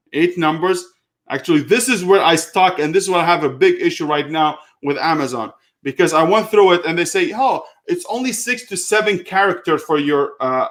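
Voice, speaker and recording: A man talking casually through a step-by-step online seller tutorial, with frequent fillers and a heated edge. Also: fairly high pitch. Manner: casual, many fillers, gets heated retelling a call. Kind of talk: screen-share tutorial with live Q&A.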